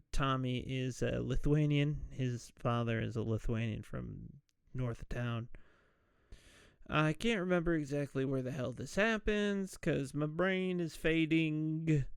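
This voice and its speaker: A man's voice: medium pitch, creaky, clean tone, dry recording. A man hosting a podcast, casually recapping a movie and acting out the characters' lines as he goes. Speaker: podcast host.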